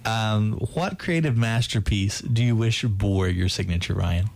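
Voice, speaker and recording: Podcast host guy, gravelly voice, upbeat, says stuff twice. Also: on the low side, a little slow. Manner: upbeat, repeats words. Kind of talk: casual interview questions.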